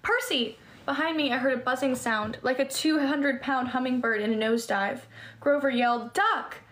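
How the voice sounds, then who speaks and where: A woman with a fairly high voice reads a first-person adventure novel aloud. She keeps a plain storytelling pace and sometimes trips over a word and starts it again. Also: steady tone, brisk. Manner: stumbles and restarts words while reading. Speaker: reader.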